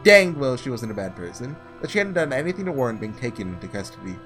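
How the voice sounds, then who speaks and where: A man reading aloud the halting first-person narration of a guilt-ridden young man in a visual novel. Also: medium pitch, big pitch swings, a bit bright, faint music behind.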